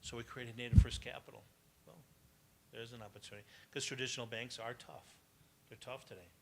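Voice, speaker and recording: A man's voice: mid-range voice, steady tone, fairly quick, gravelly, a little mellow, a little hiss or hum. A man speaking to entrepreneurs at a live business event, chatty and anecdotal, laughing often and asking the audience questions. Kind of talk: motivational talk to entrepreneurs.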